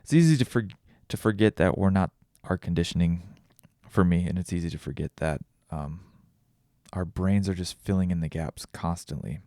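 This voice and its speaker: A man's voice: deep voice, normal speed, warm tone, no echo, studio quality. A tired man hosting a podcast alone, rambling and thinking aloud with many restarts. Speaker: podcast host. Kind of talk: casual solo reflection.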